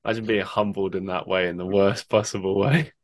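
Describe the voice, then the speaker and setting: A man's voice: deep voice, fairly even intonation, a little fast. A man hosting a podcast, asking questions in casual interview chat with an easygoing, amused manner. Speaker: podcast host.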